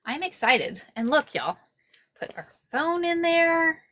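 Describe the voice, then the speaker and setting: A middle-aged woman hosting a craft livestream, chatting casually and excitedly while sewing, often repeating herself and calling out to viewers. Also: extremely high pitch, slow pace.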